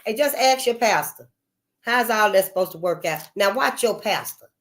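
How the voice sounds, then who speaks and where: A woman's voice: medium pitch, animated, moderate pace, a bit bright. A woman hosting her channel, talking straight to her viewers in a casual, emphatic, folksy way and calling them honey and y'all. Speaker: channel host. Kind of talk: casual spoken monologue to viewers.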